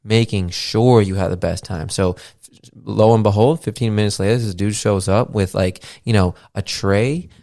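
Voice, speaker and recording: On the low side and warm, with vocal fry, his steady voice keeps a moderate pace. The speaker is a podcast host in his thirties giving a casual, rambling monologue heavy on fillers and casual swearing. Recorded dry at studio quality through a podcast mixer setup.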